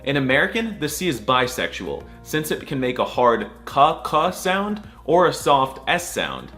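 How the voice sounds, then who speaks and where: Animated young man, comic narration. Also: medium pitch. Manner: mock-serious, crude jokes, silly letter sounds. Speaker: comedic video narrator. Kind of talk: comedic scripted narration.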